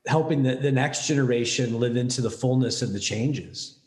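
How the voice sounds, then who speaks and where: An older man speaking in a reflective, measured way in a casual conversation. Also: medium pitch, a little mellow, reverberant.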